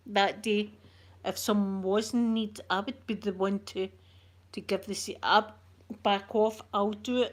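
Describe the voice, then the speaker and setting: A middle-aged Scottish woman hosting a soft-spoken ASMR vlog, chatty and rambling, with local words like wee and yous. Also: medium pitch. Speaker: ASMR channel host.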